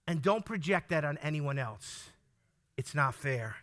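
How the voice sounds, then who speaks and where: A man's voice: on the high side, animated, unhurried, fairly bright tone. A man preaching a sermon, speaking emphatically, firing questions at the congregation, repeating key lines and stumbling over words when worked up.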